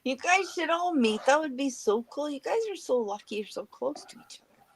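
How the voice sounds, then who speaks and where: A woman's voice: high-pitched, lively intonation, brisk, a crowd in the background. A woman with a Canadian accent, chatting enthusiastically on a live panel. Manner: gushing, enthusiastic, giggly. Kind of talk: casual chat on a live panel.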